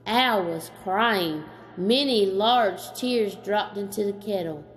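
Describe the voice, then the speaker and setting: Gently and slowly, a medium-pitched woman narrates a children's story, stopping now and then to talk with a child.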